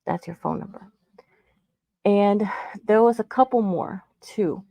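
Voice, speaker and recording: A woman co-host in the middle of an angry rant, emphatic and cursing. Her voice sits at an average pitch. The sound is close and dry, with no room around it. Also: a little slow, gravelly, pauses often, dark tone, no echo. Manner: emphatic, indignant, swearing. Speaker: podcast co-host.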